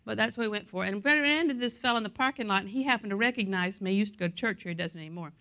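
A woman's voice: mid-range voice, rapid-fire, pushed and bright. A middle-aged woman pastor preaching a sermon in a conversational way, with asides and anecdotes.

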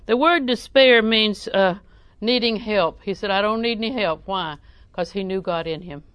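A middle-aged woman preaches, folksy and full of humor, chuckling often and sometimes breaking into loud acted cries. Her voice sits in a middle register. The sound is dry and close, with no room echo. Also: medium pitch, normal speed, few pauses, clear, resonant tone. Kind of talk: sermon.

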